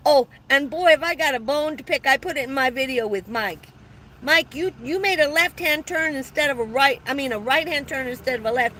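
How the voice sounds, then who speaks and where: A woman's voice: a little high, a little hiss or hum, poor audio. A woman in her seventies hosting a casual livestream from her van, chatting and thanking viewers as she reads their comments. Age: 70s. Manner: chatty, warm thanks to viewers, frequent laughs. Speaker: livestream host. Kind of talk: casual live chat reading comments.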